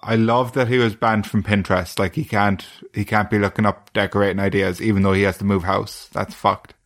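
An Irish man hosting a podcast, trading casual banter with dry, deadpan self-mocking jokes. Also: fairly low pitch, brisk. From Ireland. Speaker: podcast host.

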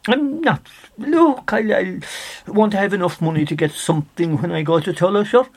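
A flustered, stammering Irish countryman, played by a man telling a folk tale. He stumbles over every start with rough, husky edges in the voice. Anxious and eager to please. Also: on the high side, lively intonation, normal speed, a little mellow, full character voice. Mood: nervous. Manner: stammering, nervous.

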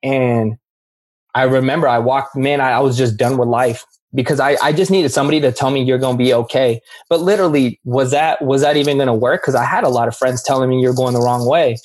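A young man with a husky, slightly rough voice, talking candidly in an interview. He speaks in an earnest, slangy way, circling back and repeating himself as he tells his story. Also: medium pitch, fairly even intonation, a little fast, darkish tone. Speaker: guest. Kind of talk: candid interview recounting addiction.

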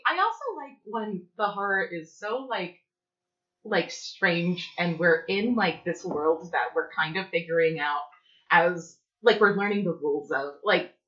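Podcast co-host, woman, rambling casual chat, low bright voice, echoey lo-fi recording. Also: measured pace. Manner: rambling, heavy use of fillers like "like" and "um". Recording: echoey room, dull lo-fi sound.

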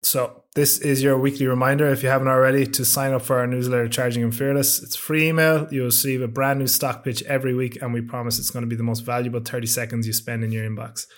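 A man hosting a podcast, introducing segments and newsletter plugs in a relaxed, joking way. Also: medium pitch, fast talker, hardly any pauses. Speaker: podcast host.

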